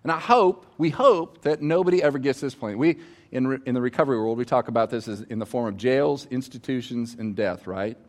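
A man's voice: mid-range voice, fairly quick. A middle-aged man preaching a sermon on stage, telling personal stories in a conversational way and asking the audience to respond. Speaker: pastor. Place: on stage before a congregation.

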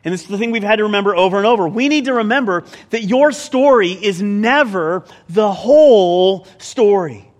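High-voiced preacher in a reverberant hall. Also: male voice, moderate pace, hardly any pauses. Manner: animated, conversational, with joking asides. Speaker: pastor. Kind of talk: sermon.

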